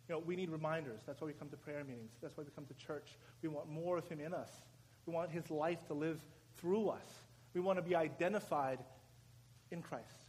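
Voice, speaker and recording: A man preaching at a prayer meeting, giving directions and leading the crowd in a chant that he drives louder with shouted commands. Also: fairly high pitch. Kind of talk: sermon and call-and-response chant leading. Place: church or prayer meeting hall. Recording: live room with crowd and background noise.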